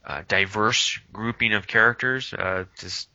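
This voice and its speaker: A man's voice: lowish voice, a little slow, sharp tone, dry recording. A man co-hosting a casual chat, hesitant and full of fillers but enthusiastic. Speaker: podcast co-host. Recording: dull lo-fi sound.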